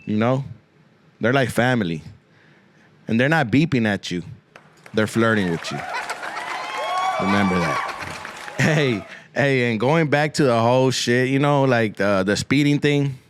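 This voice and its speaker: A man's voice: mid-range voice, lively intonation, measured pace, pauses often, no echo. A man hosting a podcast, riffing through a rambling, profane comic monologue and dropping Spanish slang into his English. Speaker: podcast host. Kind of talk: comedic monologue.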